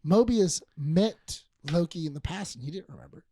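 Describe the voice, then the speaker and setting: Lively male cohost, acts out bits, dry close mic sound. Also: fairly high pitch, moderate pace, no echo. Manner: animated, acts out scenes in quotes. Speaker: podcast co-host. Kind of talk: casual chat.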